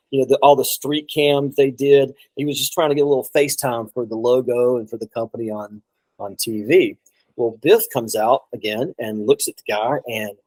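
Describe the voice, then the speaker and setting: A man's voice: mid-range voice, darkish tone, no room sound, low-quality recording. A man telling a long road story in a casual chat, rambling, with many restarts and quoted asides. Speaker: guest drummer.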